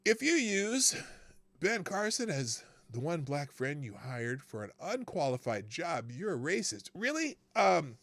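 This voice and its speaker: A man's voice: fairly high pitch, very animated, a little slow, fairly bright tone, no room sound. A man hosting a live political talk stream, talking casually and laughing often, greeting viewers by name.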